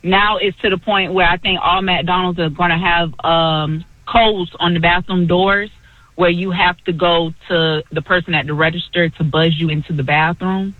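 A woman's voice: lowish voice, steady tone, normal speed, no room sound. A woman calling into a show, chatting in a friendly way and laughing easily. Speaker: caller. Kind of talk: phone call to a live show. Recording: dull phone-quality line.

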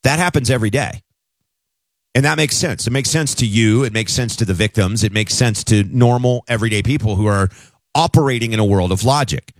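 A man's voice: on the low side, a little fast, dry recording. A man hosting a conservative talk radio show, delivering an emphatic, conversational monologue into a studio mic.

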